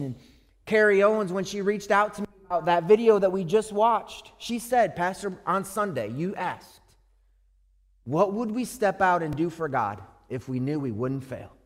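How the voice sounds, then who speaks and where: A man preaching a sermon as pastor, earnest, moving between hushed and emphatic speech. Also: sits high. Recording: long hall reverb.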